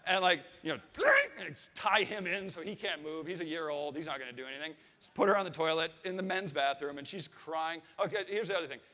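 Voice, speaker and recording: A man's voice: a little high, brisk, hardly any pauses, sharp tone, big-room sound. A man in his thirties telling a comic story on stage, swearing and acting out the voices of the people in it. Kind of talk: comic personal anecdote to a live audience.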